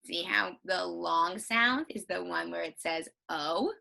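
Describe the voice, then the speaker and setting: A woman teacher giving a recorded phonics lesson for children, sounding out vowels slowly and repeating each one with emphasis. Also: fairly low pitch, vocal fry, bright, forceful tone.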